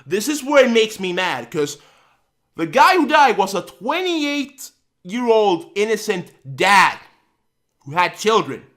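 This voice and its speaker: A man's voice: high voice, big pitch swings, slow pace, a bit bright. A man on his channel ranting heatedly, swearing and repeating himself as he vents. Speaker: channel host. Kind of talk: angry vlog rant.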